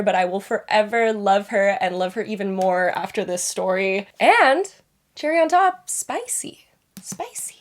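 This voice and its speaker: A young woman reviewing books in a casual, rambling vlog, with self-deprecating asides. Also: mid-range voice. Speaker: book reviewer.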